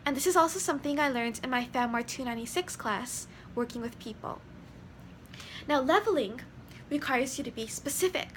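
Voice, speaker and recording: A woman's voice: high-pitched, expressive, fairly quick, slight background noise. A woman in her twenties, earnestly explaining ideas from her studies in a casual vlog. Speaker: vlogger.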